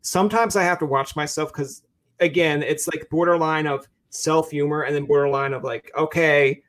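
A man's voice: on the high side, normal speed. A man hosting a podcast, chatting casually and acting out quoted remarks as he tells stories. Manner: animated storyteller, acts out quotes. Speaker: podcast host. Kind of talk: casual interview chat.

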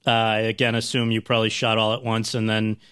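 A man's voice: lowish voice, monotone, fast talker, fairly bright tone, smooth. A man interviewing a guest, asking long questions full of restarts.

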